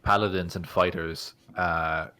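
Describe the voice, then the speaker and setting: A man's voice: low-pitched, steady tone, unhurried, bright, forceful tone. A man co-hosting a casual podcast about tabletop games, explaining rules with enthusiasm. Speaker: podcast co-host.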